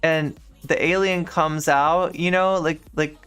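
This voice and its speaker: Rambling woman streamer, smooth clear voice. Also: deep voice, steady tone, slow pace, a bit bright, faint music behind. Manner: rambling, heavy on filler words. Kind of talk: casual live-stream chat while gaming.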